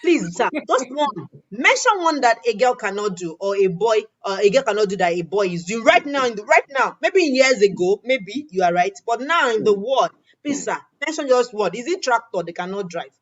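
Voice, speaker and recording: A woman hosting an interview, telling a story in lively, acted-out dialogue. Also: medium pitch, fairly quick. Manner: animated, quotes others in acted-out dialogue. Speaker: interview host. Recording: dull lo-fi audio.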